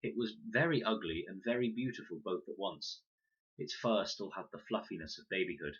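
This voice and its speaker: Man reading a children's novel aloud; deep voice, bright edge, lively and expressive. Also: moderate pace, husky. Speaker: storybook reader. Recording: dull lo-fi recording.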